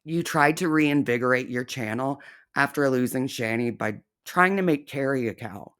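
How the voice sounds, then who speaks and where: A woman's voice: a bass voice, moderate pace, fairly bright tone, clear, resonant tone. A woman hosting a reaction video, ranting in a profane, sarcastic and scornful way. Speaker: reaction channel host.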